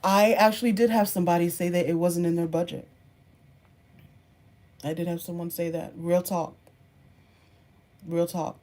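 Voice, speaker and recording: A woman content creator in a casual livestream chat, reading comments and answering viewers, animated and quick to laugh, moving between soft musing and excited outbursts. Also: on the low side. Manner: laughs often, talks straight to viewers.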